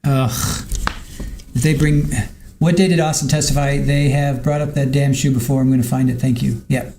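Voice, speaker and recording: A man's voice: medium pitch, fairly even intonation, normal speed, dark tone, a little hiss or hum. A man hosting a live stream, recapping court testimony in a chatty way, reading viewer comments aloud and talking to his dog at home. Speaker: livestream trial commentator.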